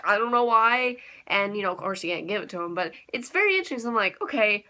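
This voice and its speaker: Bright, giggly young woman reviewer. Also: medium pitch, lively intonation, quick pace. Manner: gushing, giggly, with frequent laughs and fillers. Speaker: anime reviewer. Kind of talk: casual video review.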